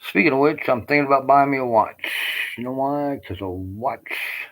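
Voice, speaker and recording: A man's voice: mid-range voice, steady tone, brisk, a bit bright, poor audio. A man in his late fifties, an army veteran, ranting on in a rambling, aggrieved and heavily profane way. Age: 50s. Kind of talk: rambling personal rant.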